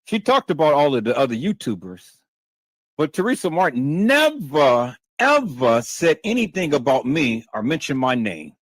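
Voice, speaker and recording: Animated man ranting on a livestream. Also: fairly high pitch, normal speed, no echo. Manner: repetitive, stammering restarts, emphatic and profane. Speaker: livestream host. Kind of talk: heated livestream commentary.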